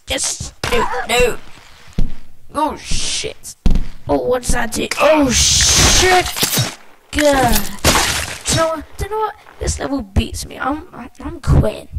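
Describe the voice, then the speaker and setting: A woman talks through a video game run with excitable, foul-mouthed reactions. Her voice sits a little high and swings widely in pitch while she speaks at an unhurried pace. A loud hiss of background noise runs under the amateur recording. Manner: excitable, swears often, exclaims at the game. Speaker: gamer. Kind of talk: let's play commentary.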